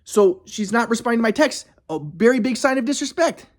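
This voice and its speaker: A man's voice: very high-pitched, expressive, brisk. A man telling a personal story in a rambling, emphatic, profane way. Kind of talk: casual storytelling monologue.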